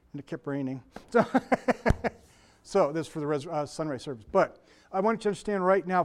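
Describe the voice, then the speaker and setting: A pastor preaching a conversational sermon, mixing scripture with chatty asides and self-deprecating jokes. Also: male voice, high voice.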